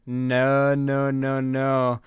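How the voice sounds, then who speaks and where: A man's voice: medium pitch, completely flat delivery, very slow, smooth, no room sound, studio quality. A man from Florida doing casual livestream commentary, rambling with lots of "like" and restarts as he talks to his chat.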